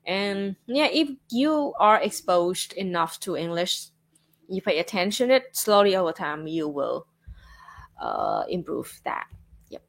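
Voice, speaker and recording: With lively intonation and a mid-range voice at normal speed, a Vietnamese-accented woman from Vietnam chats on her livestream. She's casual and chatty, filling her talk with "like" and "you know."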